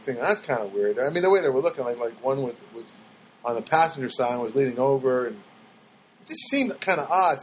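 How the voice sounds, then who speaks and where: A man's voice: on the high side, a little hiss or hum. A man telling meandering comic stories in a wry, self-mocking monologue, acting out the people he quotes.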